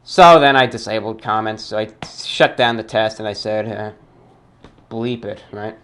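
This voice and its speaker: A man from the New York area with a British-New York blend accent, hosting a talk show and reading fan mail in a formal, measured, dry way. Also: lowish voice, steady tone, fairly bright tone, smooth.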